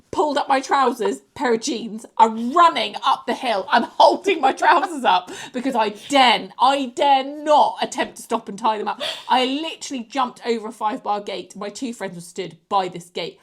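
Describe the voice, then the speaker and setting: A woman co-hosting a podcast, telling a confessional story with hushed asides. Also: on the high side. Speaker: podcast co-host. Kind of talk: casual chat.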